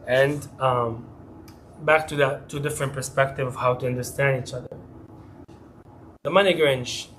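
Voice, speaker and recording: A man's voice: medium pitch, fairly even intonation, moderate pace, long pauses, a bit bright, slight background noise. A middle-aged man, a family therapist, giving a conversational talk at a community center and acting out dialogue from his own stories. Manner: conversational, acts out quoted dialogue, frequent restarts. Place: mosque community hall.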